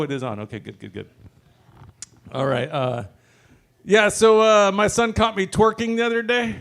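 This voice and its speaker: A man's voice: high-pitched, fairly bright tone. A man in his thirties hosting an open mic and doing a loose stand-up set, joking, swearing and chuckling between lines on a handheld stage mic.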